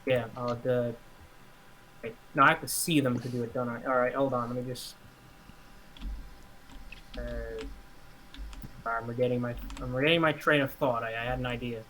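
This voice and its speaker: A man playing a tabletop game who thinks out loud, hesitating and pausing to gather his thoughts. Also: mid-range voice, fairly even intonation, slight background noise, low-quality recording. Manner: hesitant, thinking aloud with pauses. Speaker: player.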